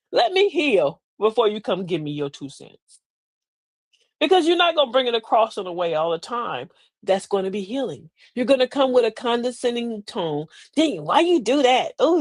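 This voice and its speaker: Animated, emphatic middle-aged woman host. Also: medium pitch, no echo. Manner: emphatic, preachy, folksy. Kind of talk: live motivational talk.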